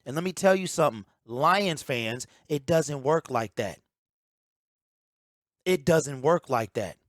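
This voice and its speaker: A man's voice: a little high, expressive, slow, no room sound, studio quality. Emphatic ranting sports-talk man. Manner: emphatic, ranting, repeats key points. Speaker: sports commentator.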